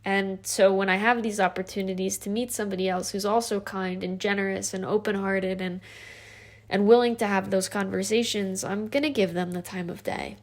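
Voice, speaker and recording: A woman's voice: medium pitch, steady tone, moderate pace. Earnest rambling young woman vlogging. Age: 20s. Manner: earnest, rambling with many fillers and restarts. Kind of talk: casual reflective vlog monologue.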